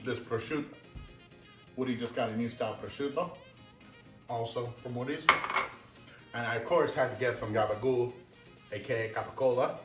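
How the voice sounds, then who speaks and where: A man's voice: medium pitch, moderate pace, pauses often, loud music behind the voice. Joking man cooking in an echoey kitchen. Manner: jokey, laughs often, self-mocking asides. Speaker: cooking show host. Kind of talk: casual cooking chat. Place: home kitchen. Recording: roomy kitchen echo, mic far off.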